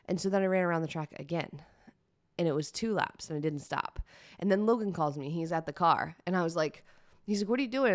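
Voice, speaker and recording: A woman's voice: lowish voice, fast, darkish tone, no room sound, studio quality. A woman hosting a personal solo podcast, talking candidly and chattily, teary-eyed at times. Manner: candid, emotional, chatty with fillers. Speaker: podcast host.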